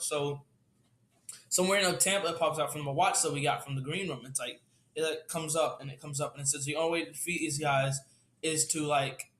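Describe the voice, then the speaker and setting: A man's voice: fairly high pitch, a bit bright. A young man improvising a story, hesitant and full of fillers, laughing easily. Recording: roomy echo.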